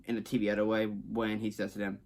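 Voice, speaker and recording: With a lowish, darkish voice, this Texas man talks fast and in a monotone while casually reviewing a film to camera. He rambles and repeats himself as a reviewer, restarting often and falling back on stock phrases.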